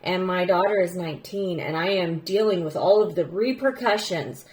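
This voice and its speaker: A woman in her thirties, a teacher, telling a personal story in an earnest, rambling way that often sinks to a soft, low voice. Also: normal speed. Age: 30s.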